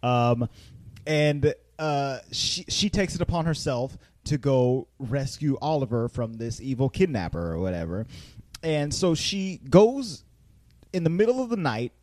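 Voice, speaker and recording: A man's voice: mid-range voice, lively intonation, unhurried, darkish tone, dry recording, clean studio sound. A man casually recapping a movie with friends on a podcast, rambling and laughing often. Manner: rambling, laughs often, slips into silly character voices. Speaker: podcast host. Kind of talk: casual chat, recapping a film.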